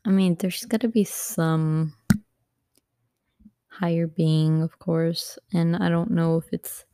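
A woman's voice: on the low side, fairly even intonation, slow, mellow, clean tone, no echo, clean studio sound. A young woman hosting her own podcast from home on a laptop mic, chatting casually and drifting between topics with lots of fillers. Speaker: podcast host. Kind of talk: casual solo podcast chat.

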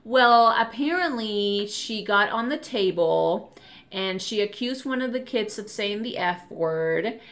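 Host, woman, 30s, bright edge, slow delivery, animated, laughs a lot. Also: mid-range voice. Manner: animated, laughs often while telling stories. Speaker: podcast host. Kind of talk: casual storytelling chat.

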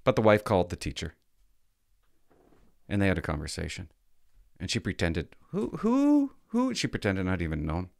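A man's voice: deep voice, fairly quick, creaky, pauses often, no echo, clean studio sound. A father in his thirties casually telling a story and ranting, with rhetorical questions and some swearing. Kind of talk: casual chat.

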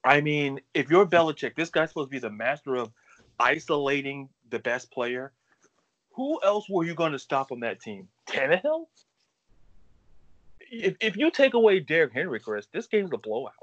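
A man hosting a sports talk show, emphatic and quick with statistics. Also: a little high, sing-song, fairly bright tone, no room sound, lo-fi sound. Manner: emphatic, rapid-fire stats.

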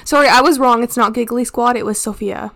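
Female podcast co-host with a slightly high voice, loose and profane. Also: fairly quick, gravelly, fairly bright tone. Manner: chatty and frank, laughing often and cursing. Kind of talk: casual chat.

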